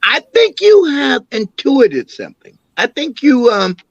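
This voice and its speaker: An older man, an imam and councilman, recounting family memories as an interview guest with an animated, storytelling manner. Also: very high-pitched, a little slow, no room sound, highs cut off. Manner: animated storyteller, acts out quoted voices.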